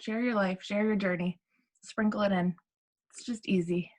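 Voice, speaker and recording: A woman's voice: mid-range voice, steady tone, normal speed, poor audio. Earnest woman sharing her story. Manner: earnest, encouraging. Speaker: coach. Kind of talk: personal testimony on a webinar.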